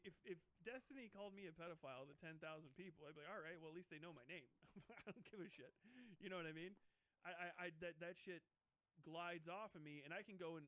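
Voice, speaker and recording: A man's voice: fairly high pitch, a bit bright, rough recording. A man live streaming, giving casual, rambling commentary full of profanity and restarts.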